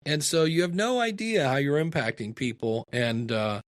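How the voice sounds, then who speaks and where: Here the middle-aged podcast guest from Ohio has a fairly high pitch and a moderate pace. Chatting casually with the interviewer, he animatedly tells stories and voices the characters' quoted words.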